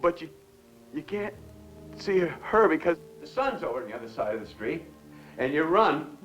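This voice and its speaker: An actor playing an obsessed man in a 1960s television drama, swinging between whispers and shouts as he raves about money. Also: on the high side, sing-song, normal speed, muffled recording, faint music behind. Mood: exalted.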